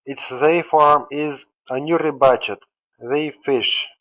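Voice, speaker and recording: Slow, methodical male language teacher. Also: fairly high pitch, fairly even intonation, a bit bright, dull audio. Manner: methodical, repeats each form then its translation. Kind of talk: slow instructional explanation.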